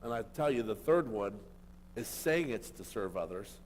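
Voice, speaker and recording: A man preaching a sermon as a pastor, emphatic and full of rhetorical questions, swinging between loud and quiet. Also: fairly low pitch, lively intonation, normal speed, a little hiss or hum. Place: church hall. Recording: long hall reverb.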